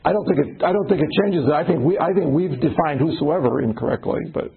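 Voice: medium pitch, animated, fast, gravelly, breathy edge, narrow, tinny audio. A Bible study leader explaining word meanings and putting questions to the group in a casual discussion.

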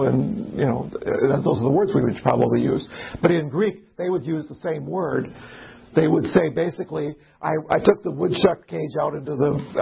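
A pastor with a gravelly, breathy voice on the high side runs an informal Bible study through narrow, tinny audio. Conversational throughout, he often begins sentences again and dramatizes little exchanges.

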